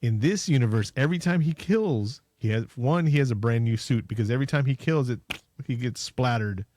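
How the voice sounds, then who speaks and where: A man co-hosting a podcast, casually recapping a movie plot with jokes and quick acted-out lines. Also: medium pitch, warm tone, a little hiss or hum. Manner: jokey, acts out scenes in quick voices. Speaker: podcast co-host.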